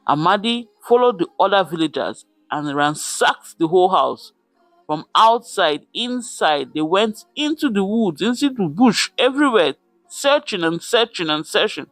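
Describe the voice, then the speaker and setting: A man's voice: a little high, expressive, measured pace, a bit bright, no room sound, soft background music. A man telling a folktale dramatically, repeating words for effect. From Nigeria. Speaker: storyteller. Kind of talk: folktale narration.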